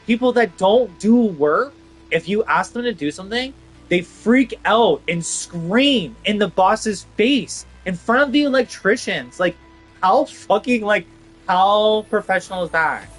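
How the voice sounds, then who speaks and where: A man's voice: high-pitched, animated, unhurried, soft background music. A young man ranting casually about losing his job, frustrated and sweary, filling his talk with "like". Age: young adult. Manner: frustrated, swearing, heavy "like" fillers. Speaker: vlogger. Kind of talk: casual rant to camera.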